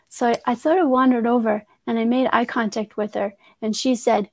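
A woman coach tells a personal story in an earnest, reflective way. Her voice sits a little high, and she often restarts her sentences as she thinks. The recording is close and dry. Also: fairly even intonation, brisk, gravelly, few pauses, a little mellow, no echo. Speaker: guest, transformative coach. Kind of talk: conversational storytelling.

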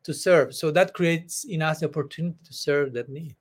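A male spiritual teacher giving a devotional discourse in an earnest, halting way, often laughing between thoughts. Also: fairly high pitch.

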